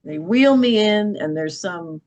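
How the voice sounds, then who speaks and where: A woman's voice: mid-range voice, lively intonation, unhurried, darkish tone, muffled recording. A middle-aged woman, a podcast guest, telling a personal story with emphasis and often checking in with "okay?".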